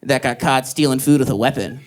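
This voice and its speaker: A man's voice: medium pitch, fairly quick. A young man doing a stand-up comedy set, telling a long story in a loose, casual way and acting out the other people in it. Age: young adult. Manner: casual storytelling, says dude a lot, acts out quoted lines. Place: comedy club stage.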